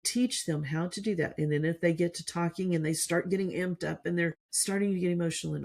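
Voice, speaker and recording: A woman hosting a faith-based parenting podcast, talking in a calm, earnest teaching manner and working through her points one by one. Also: on the low side, fairly quick, gravelly, few pauses. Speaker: podcast host.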